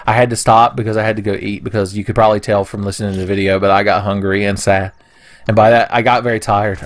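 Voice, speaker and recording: A man's voice: on the low side, steady tone, fast. A young man doing casual let's play commentary, rambling into goofy, profane rants. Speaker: gaming commentator.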